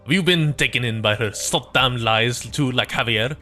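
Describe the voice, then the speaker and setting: A man's voice: mid-range voice, normal speed, sharp tone, faint music behind, close to an everyday voice. A man doing a sneering angry troublemaker. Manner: sneering, taunting. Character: angry sneering male rabble-rouser.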